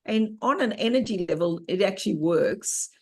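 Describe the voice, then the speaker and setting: A woman's voice: mid-range voice, animated, normal speed, darkish tone, slightly rough. A middle-aged woman hosting an online workshop, teaching in a conversational way and telling personal stories. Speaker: workshop host and therapist.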